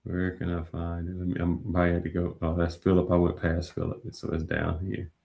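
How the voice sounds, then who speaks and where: A man's voice: sits low, brisk, gravelly. A man co-hosting a casual live talk stream, talking animatedly and cursing as he scrolls through comments. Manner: animated, laughing, profane, scrolling while talking.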